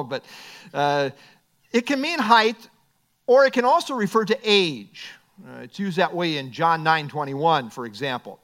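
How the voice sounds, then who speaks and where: Animated preacher man, high lively voice. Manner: expressive, swings between emphatic and quiet asides; quotes scripture, light humor. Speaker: pastor. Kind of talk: sermon.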